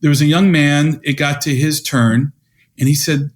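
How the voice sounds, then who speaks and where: A man's voice: on the high side, fairly even intonation, normal speed. A man in his fifties, a podcast guest and educator, telling stories and acting out the dialogue he quotes. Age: 50s. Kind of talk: conversational storytelling.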